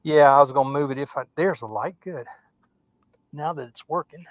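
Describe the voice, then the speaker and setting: A man's voice: on the high side, moderate pace, no room sound. Easygoing man talking at his lathe. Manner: easygoing, chuckling, thinking aloud as he works. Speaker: woodturning livestream host. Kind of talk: casual livestream chat while turning. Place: home workshop at a lathe. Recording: dull, dry, lo-fi sound.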